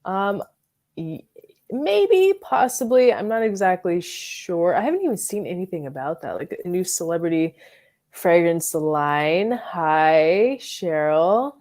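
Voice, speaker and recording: A woman with a slightly low voice hosts a relaxed fragrance livestream. She chats loosely, greets viewers from the live chat and talks about perfumes in an easy, rambling way, full of little fillers. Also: takes it slowly. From Florida. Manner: chatty, reads and answers live chat, frequent likes and ums.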